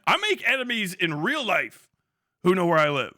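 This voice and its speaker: A man's voice: high-pitched, big pitch swings, normal speed, sharp tone, dry recording, clean studio sound. A young man doing casual livestream commentary, profane and mocking, laughing often as he rambles. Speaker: live streamer.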